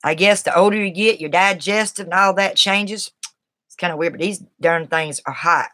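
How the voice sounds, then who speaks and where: A woman's voice: lowish voice, moderate pace, pushed and bright, dry recording. A woman from the Southern US with a Southern accent, rambling in a folksy way as she chats live with her viewers and answers their comments. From Southern United States. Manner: rambling, folksy, reacts to chat. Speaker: live streamer. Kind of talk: casual live-stream chat.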